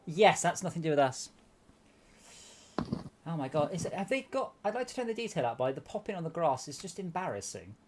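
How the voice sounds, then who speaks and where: A man's voice: a little high, very animated, brisk, background noise. A young man hosting a game stream, giving exasperated running commentary with stumbling restarts. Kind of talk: casual gameplay chat.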